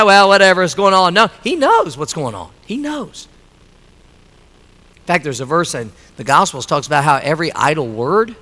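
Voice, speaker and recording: A man's voice: sits high, sharp tone, in a large hall. A middle-aged male pastor preaching a sermon, emphatic and repetitive, telling a story for a laugh. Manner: emphatic, repeating lines, telling a joke story. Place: church sanctuary.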